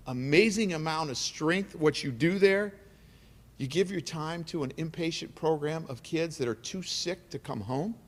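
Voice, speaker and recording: A middle-aged man giving an emotional, earnest keynote speech at an awards dinner, repeating phrases for emphasis. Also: on the high side. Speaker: keynote speaker. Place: large banquet hall. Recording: reverberant banquet hall.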